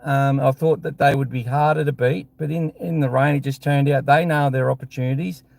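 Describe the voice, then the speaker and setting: A man's voice: medium pitch, steady tone, a little fast, creaky, darkish tone. An Australian man hosting a live fan show, ranting bluntly and heatedly with lots of swearing.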